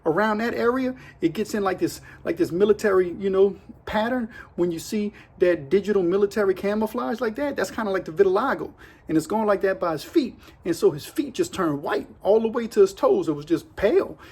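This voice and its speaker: A man's voice: sits high, expressive, brisk, darkish tone, breathy edge. A middle-aged man, casually telling prison stories in a slangy, laid-back way as host of his channel. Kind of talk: casual storytelling.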